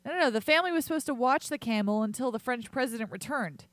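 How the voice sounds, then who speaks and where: A woman co-host bantering and joking, quick to correct the others. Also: fairly high pitch, expressive, no room sound. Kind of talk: casual banter.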